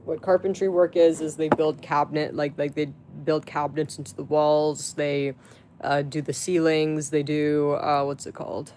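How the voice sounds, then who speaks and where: Casual live streamer at medium pitch, rambling with constant fillers and coarse swearing at chat. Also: flat delivery, normal speed, darkish tone, a little hiss or hum. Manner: rambling, heavy with fillers and restarts; crude, profane outbursts at chat.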